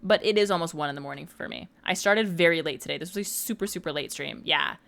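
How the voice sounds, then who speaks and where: A woman's voice: low voice, quick pace, creaky, fairly bright tone. A woman in her mid-twenties chatting casually and teasing her viewers during a late-night gaming livestream. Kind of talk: casual chat while gaming.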